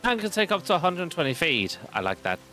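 A man's voice: a little high, big pitch swings, a little fast, pushed and bright, soft background music. A man streaming a game from home, rambling casually and poking fun at himself as he plays. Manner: rambling and self-deprecating. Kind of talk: casual live-stream commentary while gaming.

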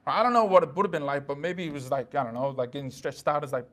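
Man, preacher, casual church sermon, high-pitched, slangy asides. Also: quick pace. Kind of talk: midweek sermon.

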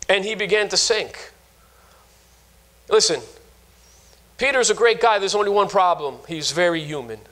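Brief: high-pitched man in his fifties, a pastor delivering a sermon, animated, stops and restarts as he tells stories. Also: moderate pace, long pauses. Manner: animated storytelling with frequent restarts.

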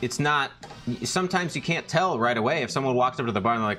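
A man's voice: medium pitch, quick pace. A young man who works in a bar, joking casually on a cooking stream and telling stories. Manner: joking, expressive storyteller who reads out chat messages. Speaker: bar worker.

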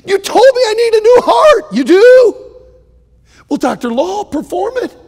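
A preacher playing a desperate pleading patient. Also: male voice, sits high, lively intonation, normal speed, creaky, long reverb tail, full character voice. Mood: exasperated. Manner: pleading, rising to shouts.

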